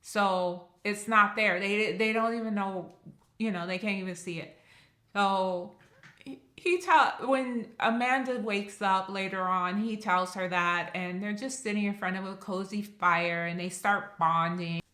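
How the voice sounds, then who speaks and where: Animated woman host recapping episodes, slow delivery, roomy echo. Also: medium pitch. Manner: animated, acts out characters' lines. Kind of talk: casual recap narration.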